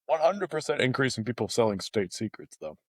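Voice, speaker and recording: A man's voice: mid-range voice, fairly quick, no echo. Joking man co-hosting a news podcast. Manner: joking, animated voice impressions. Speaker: podcast co-host, journalist. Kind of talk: casual news chat.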